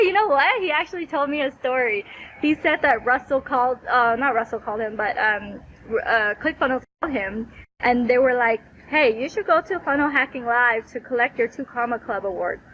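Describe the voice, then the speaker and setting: A woman vlogger telling a rambling, animated story full of fillers and quoted asides. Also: high voice, normal speed, a little hiss or hum, poor audio. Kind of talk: casual recap vlog.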